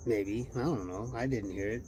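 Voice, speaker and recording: A man's voice: fairly low pitch, normal speed, warm tone, a little hiss or hum. A tired man hosting a livestream, rambling loosely and asking himself questions as he thinks aloud. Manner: loose, musing, wandering talk with rhetorical questions. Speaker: livestream host. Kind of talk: rambling casual livestream chat.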